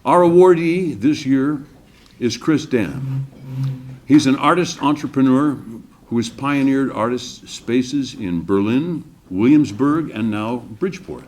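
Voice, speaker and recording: Hosting an awards breakfast in a banquet room, an older man slowly spins a jovial anecdote and voices the people in it. His delivery is expressive, with a medium pitch and a darkish tone.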